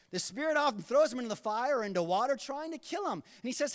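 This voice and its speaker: A man delivers a sermon in a church sanctuary, acting out scripture scenes with animated storytelling. His voice sits high. The sound trails off in a long hall reverb. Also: fast, hardly any pauses. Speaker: pastor.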